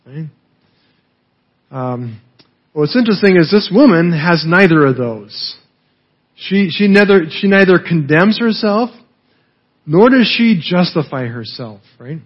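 Husky-voiced man preaching conversationally. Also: high voice, animated, unhurried. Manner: conversational preaching with frequent "right?" tags. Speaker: pastor. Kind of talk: sermon. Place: church service. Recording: dull, muffled sermon recording.

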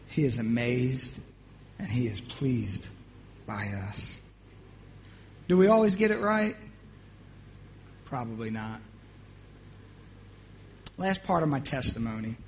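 A middle-aged man from New Jersey preaching a sermon, telling his own testimony in an animated, humorous storytelling way. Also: medium pitch, slight background noise.

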